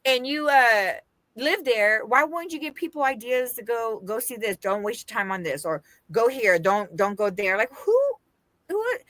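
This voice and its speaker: Woman from Las Vegas, animated storytelling, swooping pitch, bright tone, dry close sound. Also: normal speed, no room sound. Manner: animated, laughing, quoting others in her story. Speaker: podcast co-host. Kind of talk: casual storytelling chat.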